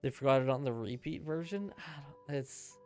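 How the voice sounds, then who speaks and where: A man's voice: mid-range voice, moderate pace, a little mellow, soft background music. A man streaming himself playing a game, chatting casually and rambling in answer to his chat. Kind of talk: casual gameplay commentary.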